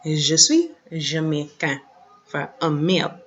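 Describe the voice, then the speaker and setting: Slow, low-voiced woman teaching French. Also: sing-song, highs cut off. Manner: patient, repeats words slowly for pronunciation. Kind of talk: online lesson over shared slides.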